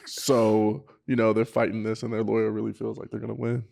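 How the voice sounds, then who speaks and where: A man's voice: on the low side, little pitch movement, normal speed, creaky, a little mellow, dry recording. A man co-hosting a podcast, casually relaying news stories in a laid-back way, chuckling as he goes. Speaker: podcast co-host. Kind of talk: casual chat.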